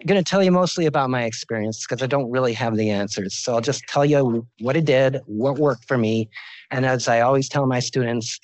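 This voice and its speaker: A man's voice: medium pitch, dry recording, poor audio. A man in his sixties giving a medical lecture as a visiting professor, informal and joking, telling stories from his career.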